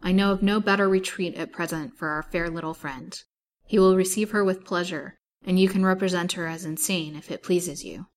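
A woman reading aloud plays a scheming older doctor who barks orders in a commanding, impatient way and drops to a smooth courtesy when it suits him. It is a lowish storybook voice. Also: steady tone, moderate pace, close to an everyday voice. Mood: conspiratorial. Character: brusque, scheming older male physician.

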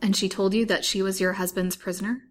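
A woman reading aloud in the voice of a courteous male detective, formal and measured. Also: mid-range voice, fairly even intonation, slight background noise, natural voice.

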